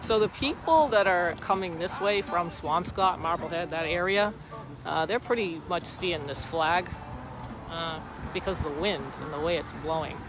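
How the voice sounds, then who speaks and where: A woman's voice: on the low side, moderate pace. A woman talking on a casual live stream from a phone, outdoors by a street, in a rambling, repetitive, emphatic way. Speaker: livestreamer at a street protest. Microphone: phone camera held by the speaker. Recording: outdoor phone video with traffic and wind noise.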